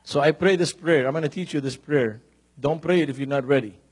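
A man preaching a sermon, reading scripture and telling personal stories in an increasingly animated, emphatic way. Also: fairly high pitch, fairly quick, breathy edge. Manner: storytelling, grows more animated and emphatic.

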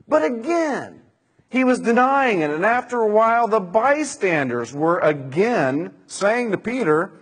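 Husky preacher with a lively voice. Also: male voice, sits high, a little slow. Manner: conversational, dramatizing scripture, rhetorical questions. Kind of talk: sermon.

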